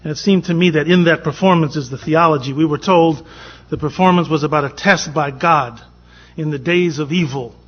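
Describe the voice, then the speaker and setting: A Boston man with a voice on the high side speaks fairly quickly with few pauses as he shares a personal story on a conference panel. He acts out the quoted dialogue, and the storytelling talk is preserved in dull, lo-fi conference audio.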